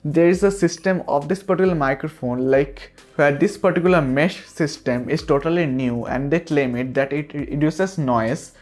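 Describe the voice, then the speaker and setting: A man's voice: fairly high pitch, moderate pace, hardly any pauses, a little mellow. A man giving a product review of a microphone, talking earnestly and reassuring the listener again and again, recorded on a USB desk mic. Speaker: tech reviewer.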